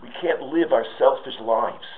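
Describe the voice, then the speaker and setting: A man's voice: medium pitch, measured pace. A man giving a sermon with stories, rising to impassioned pleas. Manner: storytelling, rises to impassioned pleas. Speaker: rabbi giving a talk. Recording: tinny phone-like audio.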